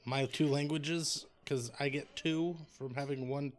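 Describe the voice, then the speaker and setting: A man playing a tabletop game, asking halting questions. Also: medium pitch, fairly even intonation. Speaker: player. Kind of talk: casual tabletop chat.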